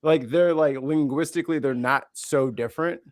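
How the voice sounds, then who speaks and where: A man chatting casually as a co-host, making drawn-out joking remarks. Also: fairly high pitch, no echo, studio quality. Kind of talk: casual chat.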